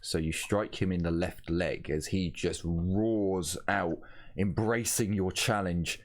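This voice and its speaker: A man with a very low, deep voice runs a tabletop game over a voice call. He talks casually, stops and starts, and keeps correcting himself as he narrates. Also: steady tone. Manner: casual, halting, with frequent ums and self-corrections. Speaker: game master.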